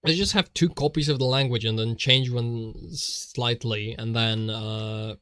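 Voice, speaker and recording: A man's voice: mid-range voice, fairly even intonation, a little slow, a bit bright, no room sound, studio quality. A man streaming while he draws, rambling in a jokey way and often laughing.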